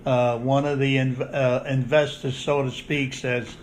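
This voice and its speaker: Slow-talking man in his seventies. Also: mid-range voice, flat delivery, slight background noise. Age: 70s. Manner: brief agreeing interjections. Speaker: guest grandfather. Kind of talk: casual podcast chat.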